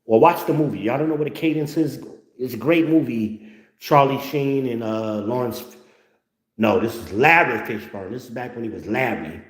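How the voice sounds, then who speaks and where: A man giving blunt, profane relationship advice in an animated, lecturing monologue. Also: mid-range voice, echoey room. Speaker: online commentator.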